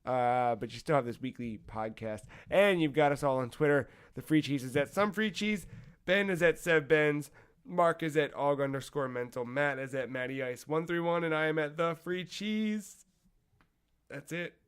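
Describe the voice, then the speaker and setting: A man with a slightly raised pitch hosts a laid-back gaming podcast. He jokes around and laughs often, in a loose, conversational way. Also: moderate pace, clear, resonant tone. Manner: joking, laughs often, wraps up the show. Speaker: podcast host. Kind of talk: casual podcast chat.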